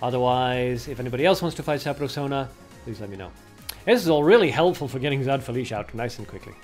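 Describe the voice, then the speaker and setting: A man's voice: mid-range voice, lively intonation, quick pace, darkish tone, faint music behind. A man streaming a card game, chatting casually and thinking aloud with plenty of fillers. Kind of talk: casual livestream commentary.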